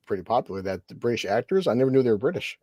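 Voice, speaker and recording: Husky, mellow-voiced laid-back man. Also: medium pitch, big pitch swings, rapid-fire, dry recording, studio quality. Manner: laid-back, laughs and swears freely. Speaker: podcast co-host. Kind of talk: casual movie-watching chat.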